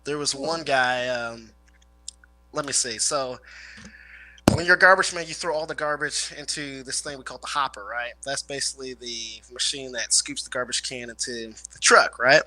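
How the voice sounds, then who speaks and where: A man's voice: mid-range voice, moderate pace, bright, forceful tone, no room sound, poor audio. A man with a rural Midwestern country twang, rambling through stories in casual chat and swearing freely. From Illinois/Indiana area. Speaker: guest, former garbage man.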